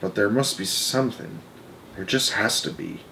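A man's voice: fairly low pitch, normal speed. A man reading a tender worried mother. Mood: sorrowful. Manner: soft, soothing, sorrowful. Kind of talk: storybook read-aloud.

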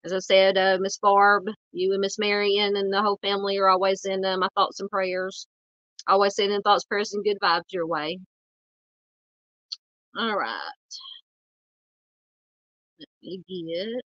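A woman's voice: mid-range voice, little pitch movement, measured pace, long pauses, a bit bright, no room sound, dull audio. A woman with a Southern US accent hosting a true crime channel, chatting through missing-persons updates with lots of fillers and restarts.

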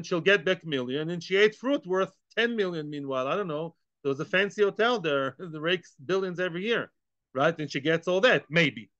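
Animated man teaching a Talmud class. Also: on the high side, dry recording, muffled recording. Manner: animated, rhetorical questions, acts out both sides.

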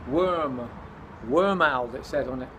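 A man's voice: mid-range voice, slow pace, background noise. A middle-aged man, chatting cheerfully and jokily to viewers in a casual vlog, recorded on a camera microphone. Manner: chatty, cheerful, jokey, addresses viewers as mates. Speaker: vlogger.

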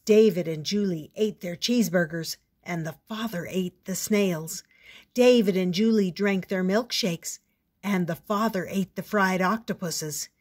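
An older woman reading a picture book aloud as a storyteller, expressive and playful. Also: mid-range voice, measured pace.

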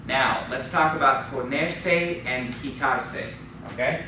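A man's voice: medium pitch, slow, noisy background. A man teaching a Spanish class, explaining patiently and asking the class questions, with a frequent "okay?". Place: church classroom. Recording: very echoey classroom recorded from far off.

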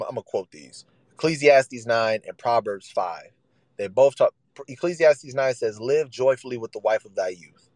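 A man's voice: mid-range voice, a little mellow, no room sound, poor audio. A man preaching a sermon in casual vernacular, emphatic and repetitive, acting out the voices he quotes.

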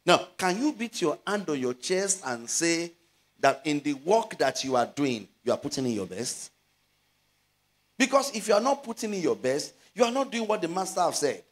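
A middle-aged man with a Nigerian Yoruba accent, preaching a sermon as a pastor, stretching out scripture words and building to loud exhortations. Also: fairly high pitch, sing-song. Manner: slows to stress scripture phrases.

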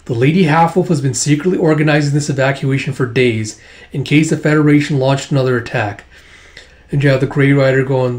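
A man narrates a comic book aloud in a loose, casual way. He fills his sentences with fillers and swears now and then, at a middle pitch. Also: fairly quick, a little mellow. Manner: loose, filler-heavy and profane. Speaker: comic reader, vlogger.

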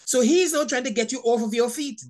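Woman Bible teacher, higher voice, emphatic and repetitive sermon delivery, stammers on restarts. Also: a little fast, a little mellow.

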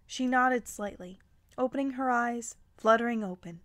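A woman gently reading a romantic fan story aloud. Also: a little high, normal speed. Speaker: fan fiction reader.

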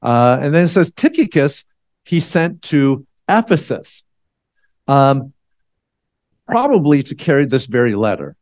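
Male church elder, mid-pitched, dry close sound, chatty sermon delivery with ums and restarts. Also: big pitch swings, a little slow, long pauses, a little mellow, no echo. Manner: conversational, with frequent fillers and restarts.

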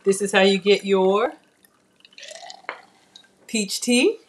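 A woman hosting a live-streamed cooking class from a home kitchen, chatty and excitable, talking straight to her viewers. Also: mid-range voice, slow, slight background noise.

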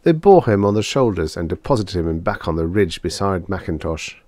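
Guy reading old sci-fi aloud, lowish voice, super lively delivery, dead dry sound. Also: fairly quick, dry recording. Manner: expressive storytelling. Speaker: audiobook narrator. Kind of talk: scripted narration.

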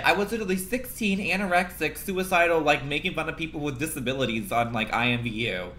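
Young guy streaming, bright sharp voice, stuffed up, cussing and griping. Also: on the high side, fast, few pauses. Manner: gossipy, profane, complaining. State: congested and coughing. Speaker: livestreamer. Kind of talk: casual livestream chat.

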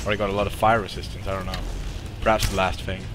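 A young man streaming a game live, swearing and reacting excitedly while chatting to his viewers. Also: sits low, quick pace, background noise. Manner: excitable, swears a lot, talks to chat. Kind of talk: live gameplay commentary.

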